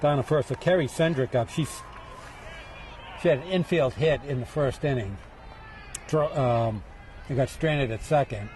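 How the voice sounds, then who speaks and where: A man with a New England accent giving relaxed, chatty play-by-play for a local TV softball broadcast. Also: medium pitch, normal speed, long pauses, slight background noise. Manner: relaxed, chatty, jokes with booth partner. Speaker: play-by-play announcer.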